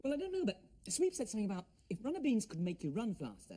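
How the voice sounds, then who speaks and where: A man's voice: high voice, huge pitch swings, fast, mellow. A man presenting a children's TV show, playful and often breaking into laughter. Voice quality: playful, laughs at his own jokes. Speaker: children's TV host.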